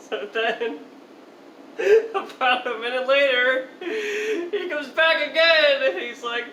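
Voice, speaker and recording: A woman's voice: sits high, sing-song, takes it slowly, sharp tone, roomy sound, a little hiss or hum, low-quality recording. A young woman vlogger tells a story to the camera, laughing often and swearing as she goes. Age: young adult. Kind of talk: storytime vlog.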